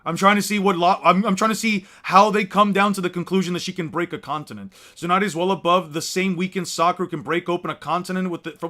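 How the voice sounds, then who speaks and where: A man's voice: sits high, pushed and bright. A young man ranting in exasperated, profane, mocking commentary as a YouTuber.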